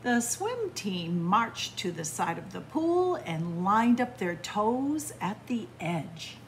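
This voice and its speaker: A woman children's librarian reading a picture book aloud, in a slow, animated storytelling manner. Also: mid-range voice, a little hiss or hum.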